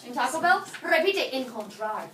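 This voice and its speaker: A woman teaching Spanish to a high school class, energetic and playful, drilling students with call-and-response in a classroom. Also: normal speed, crowd noise. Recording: echoey classroom, mic far off.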